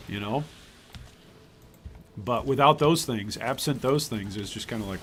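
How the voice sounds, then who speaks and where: An older man from Michigan streams a game live and chats with viewers as he plays. His pitch swings widely through the talk. His bursts of excitement break up an easy, chatty delivery. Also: a little slow, a little hiss or hum. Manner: chatty, reads chat aloud, bursts of excitement. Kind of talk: live gameplay commentary.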